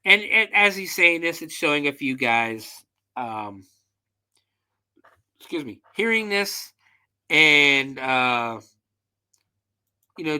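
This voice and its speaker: A man's voice: medium pitch, sharp tone, clean tone. A man hosting a podcast, recapping a film in casual, profane storytelling with loose fillers. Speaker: podcast host.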